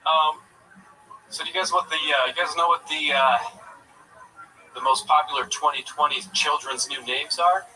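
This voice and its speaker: A man doing a stand-up set, delivering crude jokes in a halting way with lots of fillers, then chatting about himself. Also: on the high side, fairly even intonation, far from the mic, noisy background. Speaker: stand-up comedian, guest.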